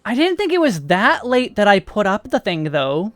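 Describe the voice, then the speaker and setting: A man's voice: sits high, very animated, normal speed, a bit bright, dry recording, faint music behind. An American man casually chatting and thinking aloud while streaming a game. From United States. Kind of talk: casual livestream chat while playing.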